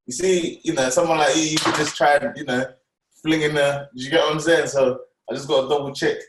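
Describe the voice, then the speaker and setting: A man teases and quizzes the chef as he cooks along. His voice is slightly high. It sounds roomy and a little far from the mic, with faint noise behind it. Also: fairly even intonation, fairly quick. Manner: joking, questioning, chatty. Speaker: celebrity guest cook. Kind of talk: casual banter while cooking. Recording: echoey room, distant mic.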